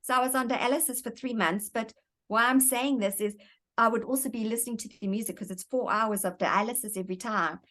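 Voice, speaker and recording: A woman's voice: a little high, steady tone, brisk, fairly bright tone. A woman guest in an interview, telling her personal story in an earnest, reflective way and often repeating words as she thinks.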